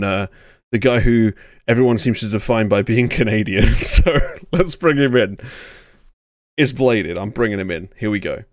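A man's voice: on the low side, no echo, clean studio sound. A British man hosting a podcast, chatting in a sardonic way and laughing often. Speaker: podcast host. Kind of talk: casual podcast chat.

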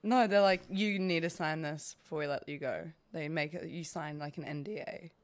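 A woman's voice: low voice, moderate pace. A young woman hosting a podcast in casual chat, talking freely with lots of "like" fillers. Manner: chatty, many "like" fillers. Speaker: podcast host.

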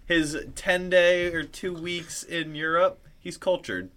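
A man's voice: on the high side, little pitch movement, slow, bright, forceful tone. A young man co-hosting a podcast, tipsy, telling a crude, teasing story in casual banter. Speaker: podcast co-host.

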